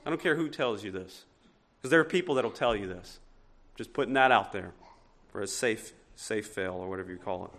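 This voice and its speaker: A man preaching a sermon as pastor, swinging between loud emphatic points and quiet asides. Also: mid-range voice, expressive, moderate pace.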